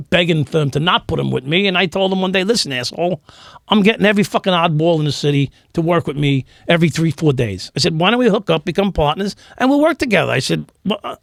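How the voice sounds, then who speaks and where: Speaking in a fairly high, creaky voice, a middle-aged man who used to be a New York police officer shares candid, foul-mouthed stories during a podcast interview. He acts out people's words, and the studio-quality audio has no echo.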